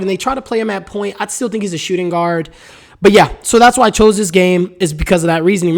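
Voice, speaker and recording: Casual opinionated male podcast host. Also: high voice. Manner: casual, opinionated, rambling with repeated phrases. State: has the hiccups. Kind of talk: solo sports podcast commentary.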